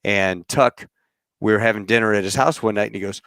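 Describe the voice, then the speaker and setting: A middle-aged man hosting a podcast, telling rambling, animated stories about flying and acting out what others said. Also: lowish voice, quick pace, vocal fry, no echo, clean studio sound. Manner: rambling, animated storyteller who acts out quotes. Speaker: podcast host. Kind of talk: casual storytelling chat.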